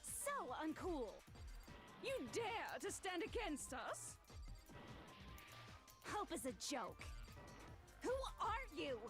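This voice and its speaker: A bratty villain girl, taunting and shrill. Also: big pitch swings, takes it slowly, pauses often, heavily acted. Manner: sing-song, taunting, childish. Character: bratty teenage girl villain mocking everyone. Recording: game audio with music behind.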